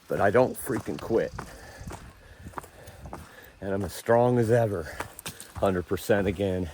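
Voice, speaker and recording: A man with a very low voice records himself outdoors on a long hike. He speaks with raw, earnest emotion and is crying through his words. A faint background hiss sits under the recording. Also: slow pace, long pauses, a little mellow. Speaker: thru-hiker vlogger. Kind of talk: casual trail vlog. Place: outdoors on the trail.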